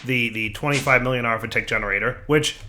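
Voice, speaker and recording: Bright-voiced man, slightly sick. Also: medium pitch, fast talker, a little hiss or hum. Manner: chatty, talks to his game machines and viewers. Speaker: let's play host. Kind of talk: casual gameplay commentary.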